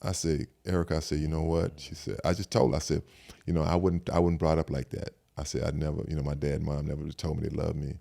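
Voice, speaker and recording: A man's voice: very deep voice, level tone, fast talker, vocal fry, dark tone. An older man with a Southern American accent, telling a personal story in a casual podcast chat, often repeating "I said" as he retells conversations. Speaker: podcast guest.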